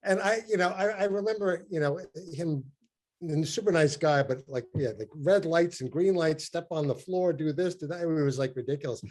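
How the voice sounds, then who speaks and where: Halting man recalling old team days. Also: fairly high pitch, darkish tone. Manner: halting, repeats words, mimics his old coach. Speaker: podcast guest, former college basketball player. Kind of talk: casual storytelling on a video call. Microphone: video call.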